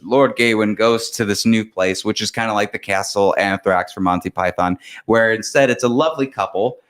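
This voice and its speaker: A man with a fairly low voice speaks at a normal pace while co-hosting a podcast. He gives a casual movie review full of laughter and jokes, retelling it in an animated, jokey way.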